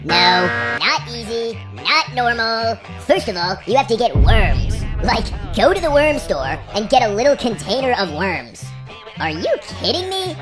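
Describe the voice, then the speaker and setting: A young woman tells a deadpan comic story, sounding exasperated and sarcastic in a casual, slangy way. Her voice sits fairly high and swoops around a lot, and music plays behind her. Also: measured pace. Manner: exasperated, sarcastic, valley-girl phrasing. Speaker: comedic storyteller.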